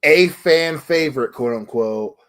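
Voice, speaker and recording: A man's voice: on the high side, expressive, a little slow, a bit bright. A man co-hosting a podcast, upbeat in casual chat, often restarting his sentences. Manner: stumbling, repeated restarts, upbeat. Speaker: podcast co-host.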